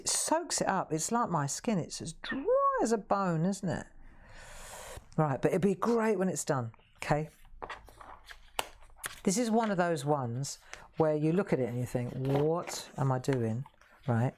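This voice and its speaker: A chatty woman hosts a live craft session, talking through her painting in a low voice. She is reassuring and pokes fun at herself. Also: a little mellow. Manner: chatty, self-deprecating, reassuring. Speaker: craft host.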